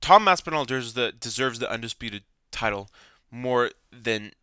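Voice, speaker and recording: Young man ranting, bright dry voice. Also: mid-range voice, animated, normal speed, clear, resonant tone, dry recording. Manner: angry, swearing, repeats himself. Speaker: MMA commentator. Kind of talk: ranting fan commentary.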